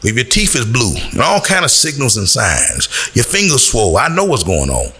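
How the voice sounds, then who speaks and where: A man's voice: mid-range voice, huge pitch swings, moderate pace, sharp tone, slightly rough. A man from Chicago lecturing young people in a blunt, preachy way, his voice climbing on the points he stresses. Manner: blunt, lecturing, rising on emphasis. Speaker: community speaker.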